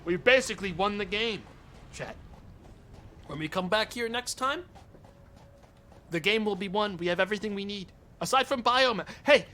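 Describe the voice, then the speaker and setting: A young man streaming a game live, talking to his chat, excitable and swearing often. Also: high voice, slight background noise.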